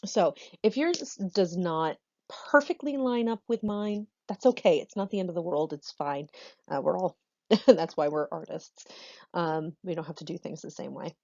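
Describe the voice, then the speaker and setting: Gravelly woman teaching a drama lesson. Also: on the low side, normal speed, darkish tone, no room sound, highs cut off. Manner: chatty, laughs often, self-correcting. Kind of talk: recorded online lesson.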